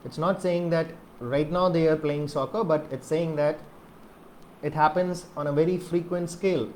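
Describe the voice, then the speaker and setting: A man's voice: a little high, fairly even intonation, moderate pace, a little mellow, a little hiss or hum. A man whose first language is Malayalam, teaching an English grammar lesson and filling his explanations with repeated okays and questions to the viewer.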